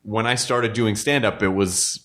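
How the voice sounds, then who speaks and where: A man's voice: on the low side, fairly even intonation, unhurried, a bit bright. A man in his forties hosting a podcast, chatting in a rambling, jokey way. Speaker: podcast host. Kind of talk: casual conversation.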